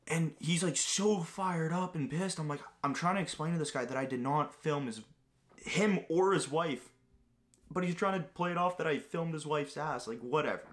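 A man's voice: on the high side, expressive, normal speed. A young man from Greece chatting casually to viewers, rambling through a story with lots of fillers. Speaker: vlogger answering viewer questions. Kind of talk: casual chat.

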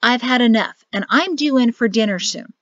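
A woman's voice: fairly high pitch, normal speed, no room sound, pitched above the performer's own voice, natural voice. A woman voicing a cocky young male lieutenant in an audiobook, taunting and dismissive. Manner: mocking, scoffing, dismissive taunts. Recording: dull lo-fi dry audio.

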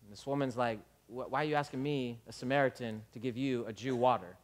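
A man preaching a sermon as pastor, animated, acting out dialogue and building up to shouts. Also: mid-range voice, fast talker.

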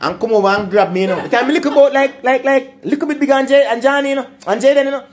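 A man's voice: extremely high pitch, racing. An older man with a Jamaican accent telling childhood stories in a casual chat, laughing often and turning to talk to his grandsons. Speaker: storyteller. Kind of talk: casual storytelling chat in patois.

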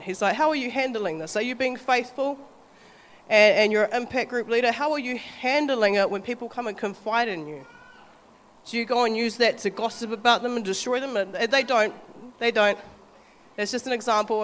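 A woman with a New Zealand accent preaches a sermon in an animated way, often acting out quoted voices and laughing lightly. Her voice is mid-range, and the recording has a big-room sound with a little hiss or hum.

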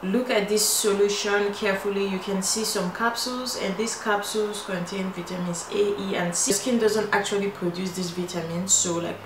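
A young woman with a Nigerian accent, talking through her skincare routine in a chatty, playful way with lots of "like". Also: medium pitch. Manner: chatty and playful, often says "like". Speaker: beauty vlogger. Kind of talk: casual skincare tutorial chat. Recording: echoey room, faint noise.

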